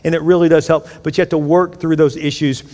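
A man's voice: fairly high pitch, level tone, fast talker, a little mellow. A man preaching a sermon as pastor, conversational and joking, with sudden emphatic bursts. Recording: echoey hall.

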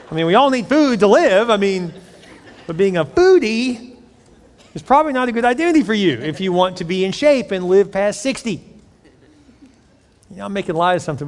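A man preaching a sermon as pastor, animated and joking, acting out the voices he quotes. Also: high voice, fairly quick. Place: church. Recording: long reverb of a church hall.

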